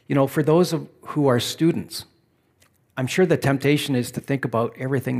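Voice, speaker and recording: A man's voice: medium pitch, a little fast, gravelly, darkish tone. A man preaching a sermon in a conversational, reflective way, asking the listeners questions. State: back pain.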